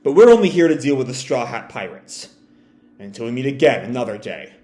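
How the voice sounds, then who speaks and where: A man voicing a stern male government agent who speaks in a low, quiet, measured way, in an echoey room. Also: sing-song, close to an everyday voice. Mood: cold.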